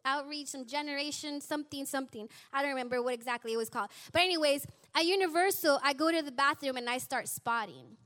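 Woman, forties, high pitched, animated testimony, acts out quotes, church talk. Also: fast, hardly any pauses. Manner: animated storytelling, acting out quoted voices. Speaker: church speaker sharing a testimony. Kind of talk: personal testimony to a congregation.

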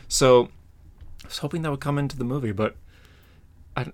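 A man's voice: mid-range voice, fairly quick, slight background noise. A man hosting a casual podcast, rambling through news with lots of fillers and little laughs. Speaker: podcast host. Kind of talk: casual chat.

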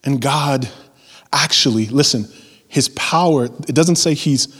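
A man preaching a sermon, a pastor who moves between loud emphasis and hushed whispers and acts out everyday prayers in a conversational voice. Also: mid-range voice, measured pace, husky. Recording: long hall reverb.

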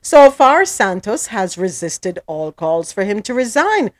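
Giggly, lively-voiced woman podcast host. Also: medium pitch, a little slow, no echo. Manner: giggly, playful and gossipy. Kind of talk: casual news recap chat.

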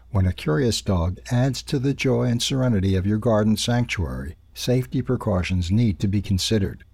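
Low, husky man reading aloud. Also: animated, normal speed, hardly any pauses, darkish tone, no room sound. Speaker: newsletter reader. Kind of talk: scripted narration.

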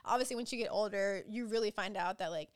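A woman's voice: mid-range voice, fast, clean tone, no echo. A young woman co-hosting a podcast in casual chat, talking loosely with lots of fillers and frequent laughs. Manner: chatty, laughs often, many likes. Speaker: podcast co-host.

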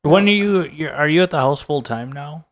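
A woman in casual chat with friends, teasing them with quick reactions. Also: deep voice.

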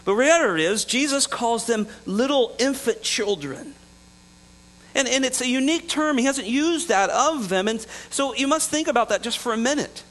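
Pastor, male, light high voice, chatty preaching with chuckles and acted-out dialogue, slight mains hum. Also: lively intonation, normal speed, fairly bright tone, rough recording. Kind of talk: sermon.

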